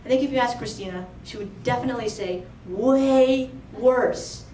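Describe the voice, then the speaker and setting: Brief: high-pitched woman, chatty live storyteller, roomy hall, distant mic. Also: rapid-fire, a little hiss or hum. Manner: chatty, animated, lots of "like". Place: storytelling stage before an audience.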